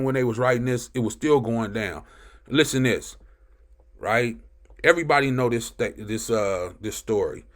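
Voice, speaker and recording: A man's voice: fairly high pitch, fairly bright tone. A man reading scripture aloud and commenting on it in an emphatic teaching style, often checking in with "right?" between verses.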